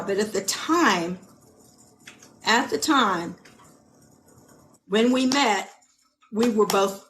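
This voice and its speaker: A middle-aged woman from California, a podcast guest giving a personal testimony, speaking in halting, emotional bursts with repeated words and restarts. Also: medium pitch, slight background noise. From United States (California).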